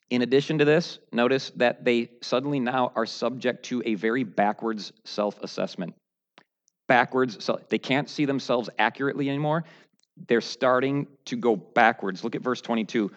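A man preaching a verse-by-verse sermon, dropping to low, quiet musing and then rising to loud, high mocking outbursts. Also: normal speed, highs cut off.

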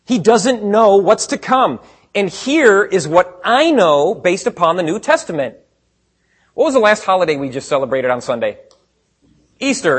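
Guy preaching, kinda husky voice, a bit high, gets loud and sarcastic. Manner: animated, sarcastic paraphrasing of scripture. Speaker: pastor. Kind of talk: sermon. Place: room with congregation.

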